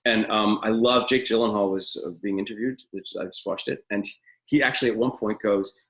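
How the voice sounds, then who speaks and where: A man's voice: lowish voice, fairly even intonation, brisk, fairly bright tone, rough recording. A middle-aged man teaching acting in a live webinar from a room at home, talking in an opinionated, rambling way with many fillers.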